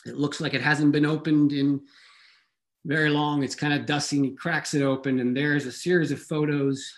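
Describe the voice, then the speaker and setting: A man telling a personal story in a conversational, animated and wry way. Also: fairly high pitch, moderate pace.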